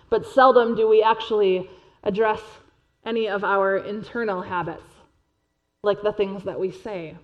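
A woman pastor preaching a sermon in an earnest, measured way, dropping quietly for emphasis. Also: on the high side, highs cut off.

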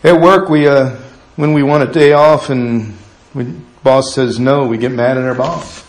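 A man's voice: medium pitch, steady tone, measured pace, slight background noise. A man preaching a sermon in a humorous, conversational way, acting out quotes from the people in his story. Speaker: pastor. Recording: echoey room.

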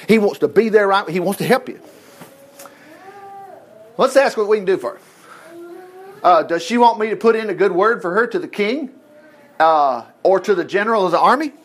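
A middle-aged man preaching a sermon as pastor, telling stories in a folksy, animated way with chuckled asides. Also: high voice.

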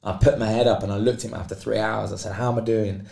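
A man's voice: on the low side, quick pace, vocal fry. A man, a podcast guest telling a long story and acting out the voices of the people in it. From Britain. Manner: animated, acts out quoted voices. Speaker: guest athlete. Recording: roomy echo.

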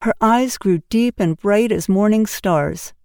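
A woman narrating an audiobook with clear, expressive reading. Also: mid-range voice, measured pace, no echo, clean studio sound. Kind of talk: scripted narration.

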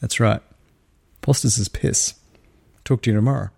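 A middle-aged Australian man hosting a casual solo podcast, speaking quietly with a wry, showman's repeated catchphrases. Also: medium pitch, normal speed, vocal fry, very noisy. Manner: hushed, talking quietly because a baby sleeps. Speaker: daily podcast host.

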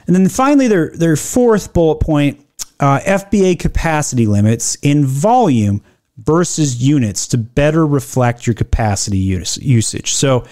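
A man talks through business news in an opinionated, emphatic way, leaning on sarcasm. His voice sits a little high for a man. He slows down to read quoted lines, then picks the pace back up to pick them apart. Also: darkish tone. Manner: reads quoted policy text slowly, then riffs. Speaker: e-commerce commentator.

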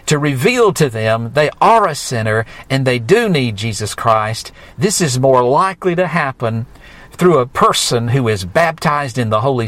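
A male preacher, delivering a fervent sermon that builds with rising emphasis and drawn-out words. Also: mid-range voice, fairly bright tone.

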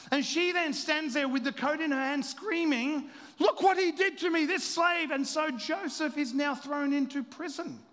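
Aussie pastor, high voice, animated sermon storyteller, ringing hall. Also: male voice. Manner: animated storytelling, drops to quiet confessional tones.

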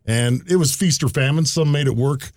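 A man's voice: medium pitch, normal speed, a little mellow, no echo, clean studio sound. Laid-back male podcast host. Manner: easygoing, laid-back, enthusiastic asides. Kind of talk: casual chat.

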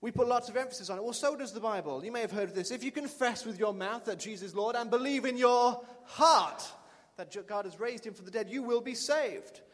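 Pastor, male, high-pitched, emphatic repeater, preaching in a reverberant church hall. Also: fairly quick. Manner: emphatic, repeats lines for the congregation. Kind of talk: sermon. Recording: long reverb of a large hall.

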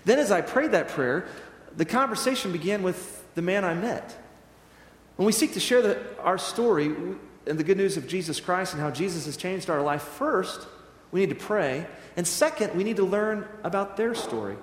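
A male minister preaching a sermon, his fairly high voice ringing through a roomy sanctuary. He tells the story with animation and acts out the dialogue. A long reverb trails every phrase. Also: expressive, normal speed. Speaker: Presbyterian minister. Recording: echoey church hall with long reverb.

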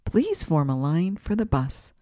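A woman voicing a gentle, encouraging female snake teacher in a children's storybook. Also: low voice, big pitch swings, measured pace, dry recording, studio quality. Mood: kind.

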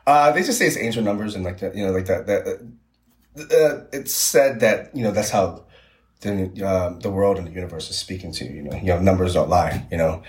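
A man's voice: deep voice, fast talker, a little mellow, echoey room. A young man as a podcast guest, chatting casually and rambling with many fillers and restarts. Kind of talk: casual chat.

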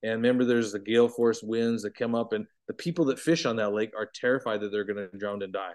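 Animated man teaching bible study. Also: on the low side, fast talker. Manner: animated, emphatic, swings between loud and hushed.

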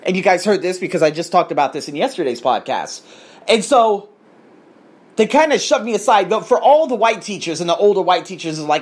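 American guy ranting on his podcast, husky voice, super animated, swears a lot. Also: high-pitched, a little fast. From United States. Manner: animated, crude and emphatic, ranting. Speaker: podcast host. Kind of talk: casual storytelling.

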